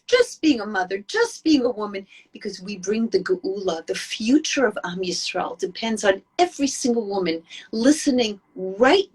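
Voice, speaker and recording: A woman giving an earnest, emphatic inspirational talk to women, telling stories with warmth and conviction. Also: a little high, slightly rough. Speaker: Jewish women's speaker.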